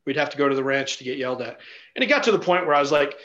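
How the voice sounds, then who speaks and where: A man's voice: mid-range voice, lively intonation, rapid-fire, fairly bright tone, muffled recording. A man telling stories as an interview guest in a blunt, casual way, swearing freely and leaning on fillers. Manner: blunt and profane, with frequent fillers. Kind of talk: casual storytelling.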